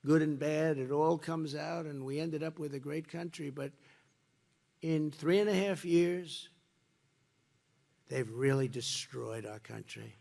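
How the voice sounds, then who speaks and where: A man addresses a rally from a podium microphone in a slightly high, gravelly voice. He repeats his phrases for emphasis and swings between loud, punchy lines and low, muttered asides. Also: fairly even intonation, a little slow. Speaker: political speaker at a rally. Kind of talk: rally speech. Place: campaign rally before a crowd.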